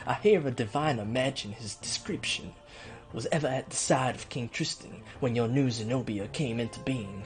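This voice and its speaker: In a game let's play, a man voices a pompous, scheming middle-aged duke using a nasal, weaselly twang and formal, drawn-out courtly speech. His voice is medium-pitched, and the acting is light.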